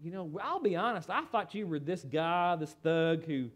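A man's voice: a little high, expressive, normal speed, voice pushed down, lightly acted. A man voicing a male Roman commander speaking candidly and plainly.

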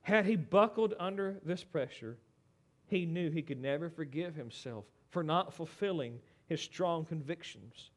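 A man preaching a sermon, swinging from loud dramatic pleading to hushed, low lines. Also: expressive, measured pace.

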